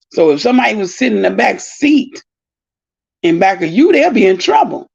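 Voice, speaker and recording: A middle-aged woman telling a long, animated story in a casual live-stream monologue, exclaiming and rambling. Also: medium pitch. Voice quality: gravelly, husky. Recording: dull lo-fi sound.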